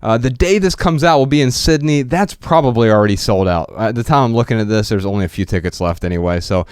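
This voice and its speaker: Man co-host with a smooth, dry voice. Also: mid-range voice, fast, a little mellow, no room sound. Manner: upbeat, joking, reads out tour dates and plugs. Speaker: podcast co-host. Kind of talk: casual podcast chat and announcements. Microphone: studio microphone.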